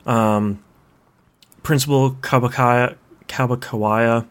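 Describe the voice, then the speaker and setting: A man's voice: mid-range voice, fairly even intonation, slow. A man hosting a casual game podcast, laid-back, with lots of ums and short agreements.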